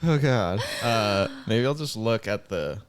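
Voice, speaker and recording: A man's voice: lowish voice, expressive, measured pace, clean tone. A man co-hosting a podcast in casual, joking banter, laughing often. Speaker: podcast co-host. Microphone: studio podcast mic with headphones.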